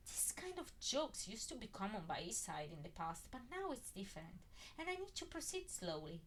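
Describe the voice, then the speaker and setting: A woman's voice: mid-range voice, moderate pace, slight background noise. A woman expressively reading a first-person fan fiction story aloud. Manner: expressive, swinging emphasis.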